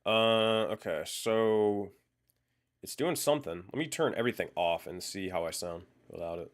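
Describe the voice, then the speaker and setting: Low-voiced streamer muttering over settings. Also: male voice, animated, moderate pace. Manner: swearing, muttering while fiddling with audio settings. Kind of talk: casual live-stream chat.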